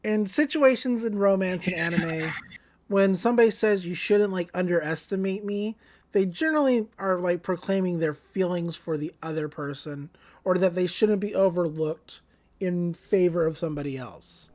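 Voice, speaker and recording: Young female podcast co-host, chatty anime recap, quick acted voices for every character. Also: on the low side, darkish tone. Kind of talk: casual recap of an anime episode.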